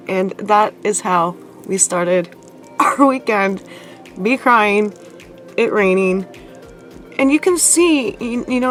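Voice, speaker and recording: A young woman talks straight to her vlog audience and retells a story in a loose, chatty way. She fills her lines with "like" and "you know." Faint music plays under her voice. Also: mid-range voice. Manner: chatty, animated retelling with many "like" fillers. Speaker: vlogger.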